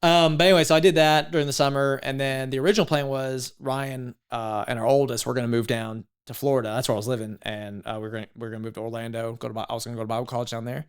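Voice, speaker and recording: A man in his thirties, a podcast guest telling his story in a casual, animated way, full of "like" and "legit". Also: medium pitch, fast talker, hardly any pauses, smooth.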